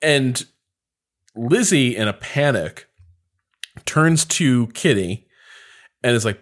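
A man's voice: medium pitch, animated, slow pace, pauses often, a bit bright. A man co-hosting a casual podcast, analyzing the story with enthusiasm and frequent fillers. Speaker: podcast co-host. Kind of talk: casual chat analyzing a period drama.

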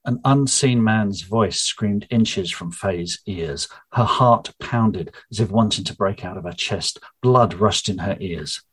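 Middle aged author guy, kinda husky and lowish voice, chatty then reads his book out. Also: unhurried, hardly any pauses, fairly bright tone, rough recording. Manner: chatty and upbeat, with small restarts. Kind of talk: pitch chat and reading aloud from his novel.

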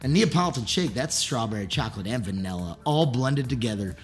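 A man co-hosting a casual podcast chat, joking and riffing with deadpan asides. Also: medium pitch, brisk, faint music behind. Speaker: podcast co-host.

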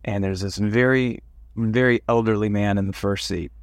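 A man from Cleveland hosts a podcast and trades stories with his guest in a chatty, animated manner. His voice sits low and has a gravelly edge. The sound is close and dry. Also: normal speed, dry recording. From Cleveland, USA. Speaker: podcast host. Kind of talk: interview with personal anecdotes.

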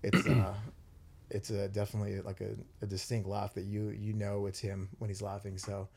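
A man's voice: on the low side, flat delivery, moderate pace, creaky, a little mellow, slight background noise. A young man hosting a podcast, talking earnestly with many fillers and restarts. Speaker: podcast host. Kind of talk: casual chat.

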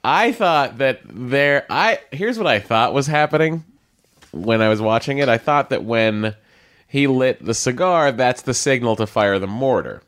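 A man's voice: medium pitch, expressive, unhurried, a bit bright. A man co-hosting a podcast, animatedly retelling his own reactions to a film by acting out what he thought at the time. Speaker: podcast co-host. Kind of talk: casual film discussion.

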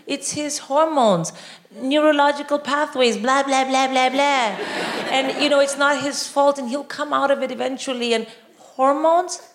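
A middle-aged woman from India doing animated live stand-up comedy, often shouting and mimicking voices. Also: high-pitched, moderate pace. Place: large live venue with audience. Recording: echoey hall, loud crowd laughter.

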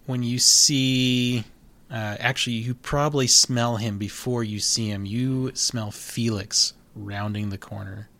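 A man narrating as game master of a tabletop game in a relaxed, halting way with many pauses. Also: medium pitch.

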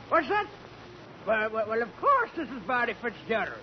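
A man's voice: extremely high pitch, big pitch swings, unhurried, exaggerated voice. A man impersonating a cheery older Irishman, lilting and stammering, in 1940s radio comedy. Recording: dull lo-fi 1940s radio broadcast with hiss.

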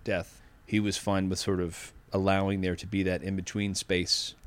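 Thoughtful man in his fifties, low voice. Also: flat delivery, moderate pace, clear, resonant tone. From Massachusetts, USA. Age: 50s. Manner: earnest, thoughtful, self-interrupting. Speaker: guest. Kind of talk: reflective conversational interview.

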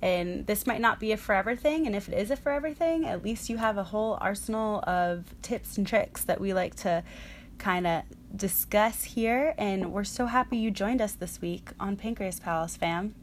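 A young woman co-hosting a casual podcast, chatty and animated as she tells stories. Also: medium pitch, moderate pace, slight background noise. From New York area. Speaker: podcast co-host. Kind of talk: casual chat.

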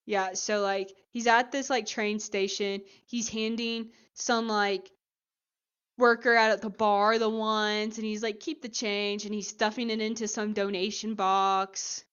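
A woman co-hosting a podcast, chatting casually as she retells a TV episode with lively acted-out quotes. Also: mid-range voice, measured pace, smooth, highs cut off. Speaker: podcast co-host. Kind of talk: casual chat recapping a TV episode.

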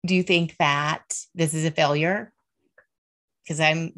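A woman's voice: low-pitched, fairly even intonation, takes it slowly, long pauses, fairly bright tone. Earnest woman hosting a podcast. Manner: earnest, heartfelt, keeps checking in with "right?" and "okay"; speaks openly about faith and emotions. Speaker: podcast host. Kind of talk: casual solo podcast monologue.

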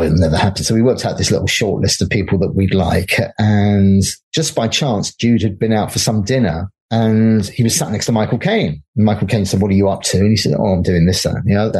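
A man's voice: on the low side, fairly quick, darkish tone, slightly rough. A middle-aged man, a graphic designer and film producer, chatting as a guest and telling anecdotes, acting out the voices of the people he quotes and laughing often. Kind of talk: casual anecdote-telling interview.

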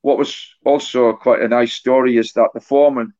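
A middle-aged man speaks as an author and guest on a casual podcast, recalling stories in a halting, anecdotal way. His voice sits low and keeps a flat, even tone with little rise or fall. The audio is slightly dull and lo-fi.

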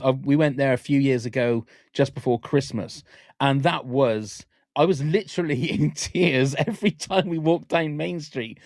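A man's voice: mid-range voice, a little mellow, no room sound, clean studio sound. A man hosting a casual podcast chat, enthusiastic and rambling, full of fillers and restarts. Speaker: podcast host.

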